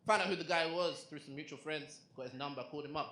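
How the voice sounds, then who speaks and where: A young man doing a stand-up comedy set, chatty and animated, asking the crowd questions on a club stage. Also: a little high, fast talker. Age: young adult. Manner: conversational, animated punchlines, asks the crowd questions. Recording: echoey club with crowd noise.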